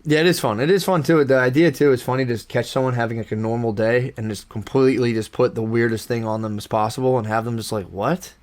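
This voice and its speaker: A man's voice: medium pitch, quick pace, few pauses. A young man co-hosting a podcast in casual chat, rambling with lots of fillers and restarts. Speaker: podcast co-host.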